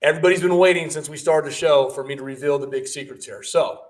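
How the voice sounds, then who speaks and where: A man's voice: on the high side, fast talker, distant mic. A man co-hosting a casual livestream, chatty and enthusiastic as he talks about food and plugs his business. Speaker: mortgage lender and co-host.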